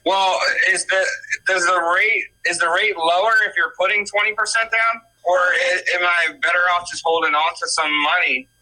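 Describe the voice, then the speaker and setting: A man in his thirties calling in to a podcast, speaking in a hesitant, halting way with many fillers. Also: sits high, sharp tone, low-quality recording. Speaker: caller. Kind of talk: casual phone-in chat.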